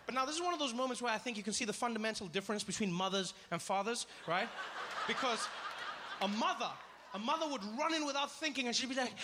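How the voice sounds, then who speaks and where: A man doing stand-up comedy, telling a story in an animated way and acting out the people in it. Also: very high voice, fast, noisy background. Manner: animated, acts out characters.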